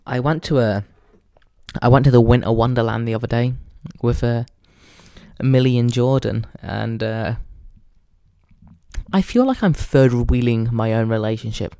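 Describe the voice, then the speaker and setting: A young podcast host from England rambles through a crude, casual comic monologue, laughing at his own jokes. His medium-pitched voice is warm and smooth, a little slow, with vocal fry. The recording is studio quality with no echo.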